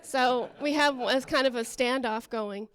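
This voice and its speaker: High-voiced woman doing rambling stand-up. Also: fairly bright tone, clean tone. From Oakland, California. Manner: rambling, self-deprecating, halting restarts. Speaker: stand-up comedian. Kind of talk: stand-up routine.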